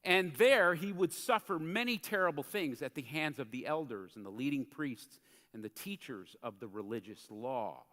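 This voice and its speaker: Male pastor, high lively voice, conversational sermon, long church reverb. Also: moderate pace. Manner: animated, conversational preaching, acts out quotes. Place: church sanctuary.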